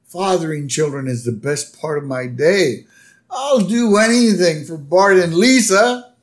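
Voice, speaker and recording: A man's voice: on the high side, expressive, a little slow, voice pushed up. A man voicing a bumbling middle-aged cartoon father who stammers through excuses. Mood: flustered.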